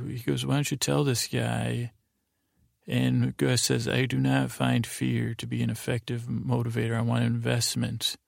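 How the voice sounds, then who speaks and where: A man's voice: mid-range voice, monotone, a little slow, dry recording, clean studio sound. A man hosting a podcast, recapping a TV episode in a rambling, plain way with many fillers, quoting each character in his own voice. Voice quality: gravelly. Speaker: podcast host. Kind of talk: sleepy, meandering episode recap.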